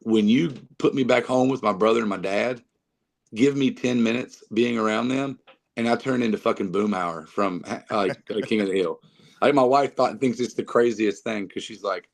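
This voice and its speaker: A man's voice: on the low side, fairly quick, gravelly. A man with a North Carolina Southern accent, chatting as a podcast guest and rambling with many fillers and restarts. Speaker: guest musician. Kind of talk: casual podcast chat.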